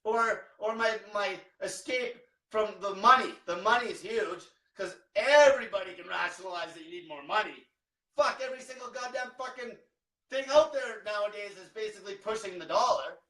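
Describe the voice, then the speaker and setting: Young male diet coach, high bright voice, blunt and profane, recorded in a roomy space. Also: moderate pace. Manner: blunt, aggressive, swears constantly. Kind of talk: profane motivational rant. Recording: echoey room, mic at a distance.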